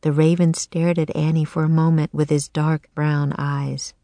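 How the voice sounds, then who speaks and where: A woman narrating a children's storybook in a clear, steady storytelling voice. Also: deep voice, a little slow, no echo.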